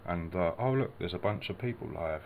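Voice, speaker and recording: A man's voice: low-pitched, lively intonation, a little fast, gravelly, narrow, tinny audio, slight background noise. A man from the United Kingdom rambling in a vlog monologue, swearing constantly and muttering asides to himself.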